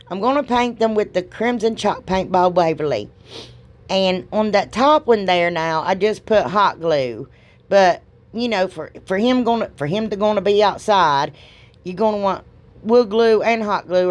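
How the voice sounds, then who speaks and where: A middle-aged woman with a medium-pitched voice and moderate pace hosts a craft video. Her voice-over is casual and chatty, rambling along with self-deprecating jokes and folksy exclamations as she narrates the project.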